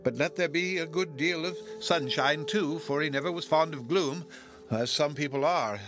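A fretful old gentlewoman from an audiobook, acted out by a man. She pleads in a high, shaky voice that keeps dropping to an urgent hush. Soft music plays faintly underneath. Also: moderate pace, lightly acted. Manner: trembling, urgent, hushed pleading. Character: agitated, tearful old gentlewoman.

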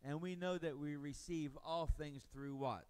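A man preaching a sermon as pastor, rising into loud passionate swells and dropping low, acting out the voices of doubters. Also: steady tone, clean tone. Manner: preaching with swells of volume and dramatic pauses; acts out voices of doubters and biblical figures.

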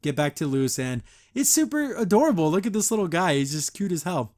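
A young man hosting a casual podcast, retelling a cartoon episode in a chatty, excited way with frequent laughs. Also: fairly high pitch, fairly quick. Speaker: podcast host.

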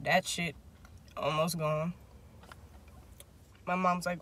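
A young man chats casually, spinning a long, profane story. His voice is bright and forward, and he throws in big, lively pitch jumps whenever he acts out quotes. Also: brisk. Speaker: vlog host.

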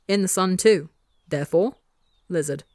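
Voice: medium pitch, normal speed, a little mellow, dry recording, clean studio sound, lightly acted. A storyteller voicing a playful, teasing young boy who turns dramatic and whiny. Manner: teasing, sing-song, dramatic.

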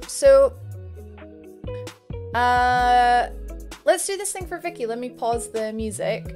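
A young woman streamer chatting casually and giggling as she greets her viewers by name. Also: on the high side. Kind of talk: casual live-stream chat.

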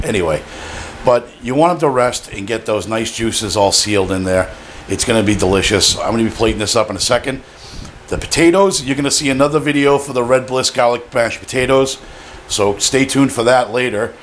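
A man's voice: medium pitch, a little hiss or hum. A man hosting a cooking show, demonstrating a recipe in a playful, jokey and enthusiastic way.

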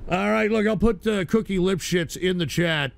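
A man hosting a live stream, reacting to other streams with crude, excitable, cursing commentary. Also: high-pitched, normal speed, creaky. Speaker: streamer host.

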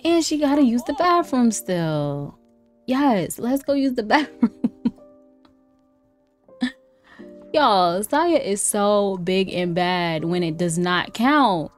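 A young woman giving casual commentary on a life-simulation game, chatty and playful, laughing often and breaking into excited exclamations. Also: high-pitched. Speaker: let's play streamer. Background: faint lofi background music.

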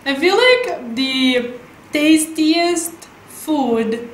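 A high-voiced woman gushes over her cooking, often slipping toward a squeaky register as her excitement builds. She talks slowly and carefully to a camera set some way off, and her voice rings around a roomy kitchen. There is a faint background hiss under everything she says. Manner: gushing, excitable, breaks into squeaky voice. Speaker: cooking vlogger. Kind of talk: casual cooking vlog. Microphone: camera mic, some distance away.

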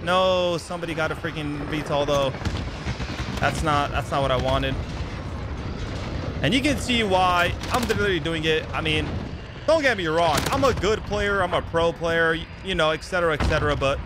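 A young man giving excited, trash-talking commentary over his own gameplay, often repeating himself. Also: on the high side, normal speed, background noise. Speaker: gaming YouTuber. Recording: game gunfire loud behind voice. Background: gunfire and explosions from the game.

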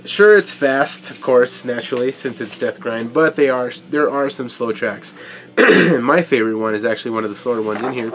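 A man with a stuffy, congested voice from allergies, chatting casually to camera about his vinyl records. He rambles with fillers and swears easily, and keeps clearing his throat. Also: medium pitch. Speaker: vinyl record collector vlogger.

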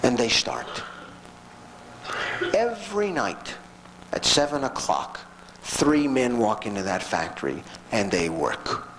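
Male lecturer, mid pitch, conversational storyteller who acts out characters. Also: creaky, slight background noise, low-quality recording. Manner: animated, conversational, acts out quotes.

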